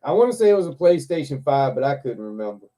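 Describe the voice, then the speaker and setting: A man hosts a casual live chat and tells a story in an animated, laughing way, swearing as he goes. His voice is deep-toned and mellow, with no brightness to it. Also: fast talker. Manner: laughs often, swears freely, animated retelling. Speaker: live stream host.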